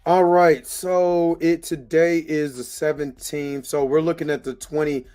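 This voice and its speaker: A man's voice: on the high side, little pitch movement, unhurried, dark tone, faint music behind. A man hosting a podcast in casual, joking chat, laughing often. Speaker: podcast host. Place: lives in Kansas City.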